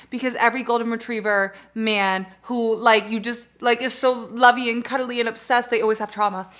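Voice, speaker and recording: A woman in her twenties chatting casually in a reading vlog, gushing and excitable, swearing freely. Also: on the high side, normal speed, hardly any pauses. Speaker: reading vlogger.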